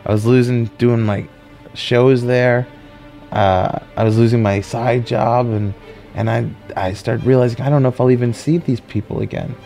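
A man's voice: medium pitch, moderate pace, gravelly, faint music behind. A man telling a personal story, animatedly acting out the people he quotes. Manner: animated, acts out quoted voices.

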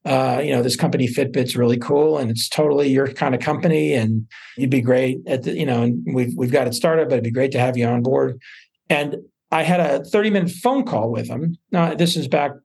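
A man, a venture investor, telling stories in a relaxed interview with many fillers and restarts. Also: medium pitch, a little fast, creaky, slightly rough. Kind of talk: casual interview talk.

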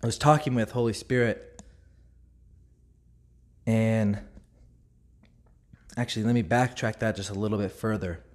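A man's voice: on the low side, unhurried, pauses often, a little mellow. A man speaking candidly and reflectively as a Christian speaker, telling a personal faith story and acting out the dialogue he quotes. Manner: reflective, openly vulnerable.

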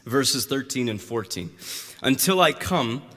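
A male pastor preaching a conversational sermon that rises to emphatic, loud passages. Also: medium pitch, big pitch swings, unhurried. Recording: long hall reverb.

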